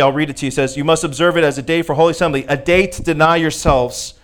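A pastor with a notably high-pitched, somewhat bright voice gives a teaching sermon. He reads scripture aloud and breaks off to address his congregation directly, stressing key words in a casual, conversational tone.

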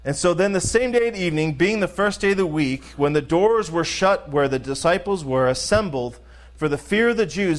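A man's voice: fairly high pitch, lively intonation, moderate pace. A middle-aged man preaching a sermon as pastor, emphatic, repeating phrases and calling out to the congregation.

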